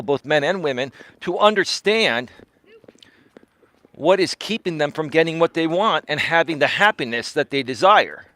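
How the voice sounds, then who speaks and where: This man's voice runs on the high side with a fairly bright tone. A life coach and live-stream host, he delivers a casual monologue while walking, pressing words with emphasis, repeating them, and tagging lines with "right?".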